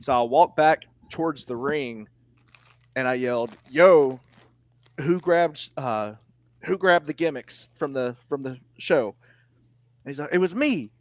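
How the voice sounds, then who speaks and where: A man's voice: medium pitch, a little slow, long pauses, no echo. A young man, a wrestling commentator, telling a story in casual podcast chat, acting out quotes and laughing often.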